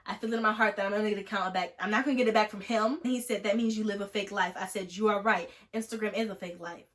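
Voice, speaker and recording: Fast-talking animated woman in her twenties. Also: mid-range voice. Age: 20s. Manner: animated, jokey, acting out text exchanges. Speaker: vlogger. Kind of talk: casual storytime vlog.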